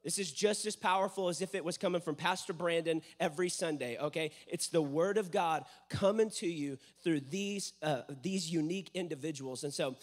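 A man's voice: fairly high pitch, moderate pace, few pauses. A man introducing a guest preacher to a church congregation, earnest and encouraging. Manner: earnest, builds to hype. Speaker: church leader introducing speaker. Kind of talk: sermon introduction.

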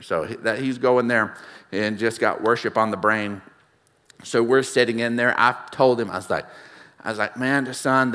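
Animated sounding preacher man. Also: mid-range voice, big-room sound. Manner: storytelling, animated, swings loud and soft. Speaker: pastor. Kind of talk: sermon. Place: church sanctuary.

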